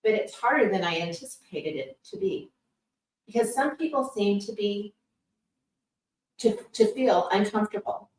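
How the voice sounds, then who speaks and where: A woman's voice: medium pitch, normal speed, long pauses, slight background noise. A woman calling into a live show with a question, speaking earnestly and a little hesitantly. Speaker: caller asking a question. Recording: roomy, distant sound.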